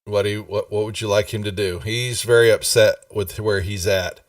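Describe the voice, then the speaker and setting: A man running a tabletop game as game master, talking slowly with many pauses and fillers over a voice call. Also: on the low side, fairly even intonation, dry recording, studio quality, recorded from a distance. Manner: slow, halting, many fillers.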